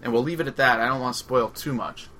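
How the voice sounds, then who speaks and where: Man, long island accent, bright tense voice, rambling movie podcast talk, frequent laughs. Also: mid-range voice, quick pace. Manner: laughing often, excitable, rambling. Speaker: podcast co-host. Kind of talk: casual movie chat.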